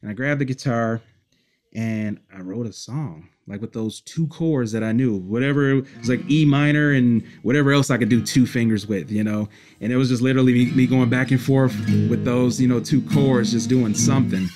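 A man from Detroit, a musician guest, telling childhood memories in a relaxed, rambling interview, with many fillers and short laughs. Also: mid-range voice, normal speed, faint music behind. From Detroit, United States. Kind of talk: casual storytelling interview.

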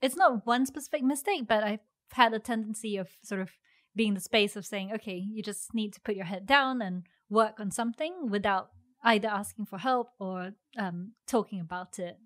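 A woman startup founder answering interview questions thoughtfully, pausing with fillers and restarting sentences. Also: medium pitch.

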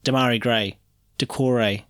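A man trades cheeky jokes as co-host of a casual podcast. His pitch is average. The recording is dry and close-miked. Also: fairly even intonation, normal speed, a bit bright, no echo. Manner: cheeky, jokey.

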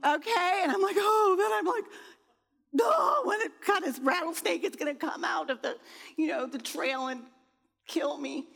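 High-voiced woman telling a story slowly, acts out her own thoughts, long hall echo. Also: vocal fry, a bit bright. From Indiana. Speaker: speaker telling a personal story. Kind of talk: storytelling talk.

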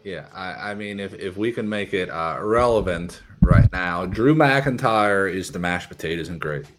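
A man's voice: low voice, moderate pace, loud music behind the voice. A man co-hosting a casual wrestling podcast, hesitant and wry. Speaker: podcast co-host.

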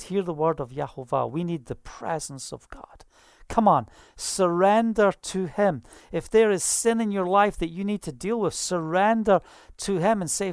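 A preacher delivers a quick, fervent sermon and keeps breaking into hallelujahs. The voice is smooth and resonant, and the recording is close and dry, with no room echo. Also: medium pitch, darkish tone.

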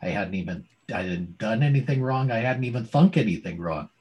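A man's voice: fairly low pitch, animated, fairly quick, a little mellow, highs cut off. A middle-aged man, a former doctor and now a speaker, telling his story as an interview guest with dramatic pacing and rhetorical questions.

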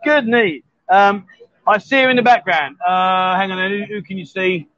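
A man's voice: high-pitched, normal speed, a bit bright, no room sound, highs cut off. Cheeky man hosting a bar live stream. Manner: cheeky, teasing banter. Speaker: host.

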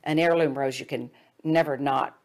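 Middle-aged woman, low gravelly voice, earnest storyteller. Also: fairly even intonation, moderate pace. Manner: earnest, drops to hushed tones for quoted advice. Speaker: speaker. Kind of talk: personal storytelling talk.

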